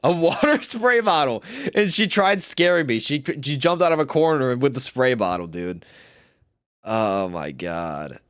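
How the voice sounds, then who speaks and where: A man's voice: medium pitch, big pitch swings, unhurried, fairly bright tone, clear, resonant tone, dry recording, clean studio sound. A young man streaming live, telling rambling, slangy stories and swearing often. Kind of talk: casual storytelling on a livestream.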